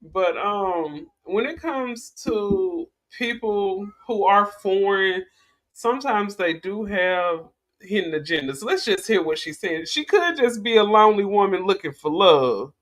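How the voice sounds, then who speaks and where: A woman's voice: mid-range voice, lively intonation, a little slow. Chatty woman vlogger rambling casually. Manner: chatty, rambling, with frequent restarts and laughs. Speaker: vlogger host. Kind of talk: casual commentary vlog.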